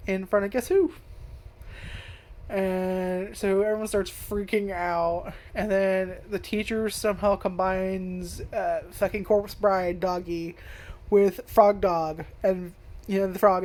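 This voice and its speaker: A woman's voice: mid-range voice, a little slow, a little mellow. A woman reviewing an anime casually, rambling, swearing a lot and laughing often. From United States.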